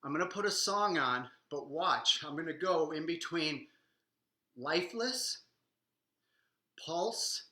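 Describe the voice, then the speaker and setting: Energetic male dance teacher, echoey room. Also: a little high. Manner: energetic, coaching, counts out beats while dancing. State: a little out of breath. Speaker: swing dance instructor. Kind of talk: live online dance lesson.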